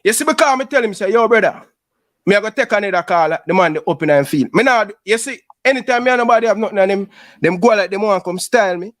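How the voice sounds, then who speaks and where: Speaking fast in a high, slightly bright voice on a dry recording, a Jamaican-accented YouTube host vents in heated casual talk. He sounds aggrieved and keeps saying "brother."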